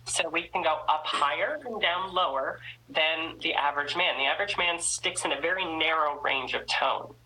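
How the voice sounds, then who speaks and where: Low-voiced woman with a head cold. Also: normal speed, hardly any pauses, bright, forceful tone, slight background noise, poor audio. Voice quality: trained singing voice. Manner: chatty and candid, lifts the ends of sentences. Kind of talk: casual video chat interview.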